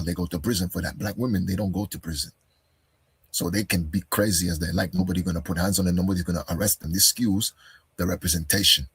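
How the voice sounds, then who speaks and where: A deep-voiced, slightly rough-sounding man argues back at a video, addressing its speaker directly as "bro" and pelting him with rhetorical questions in a combative tone.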